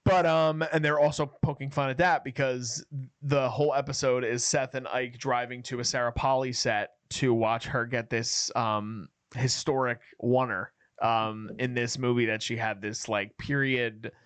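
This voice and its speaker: A man co-hosting a casual TV review podcast, animated and retelling scenes with swearing. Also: mid-range voice, normal speed, clean tone, dry recording. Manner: animated, acts out scenes with profanity. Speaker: podcast co-host.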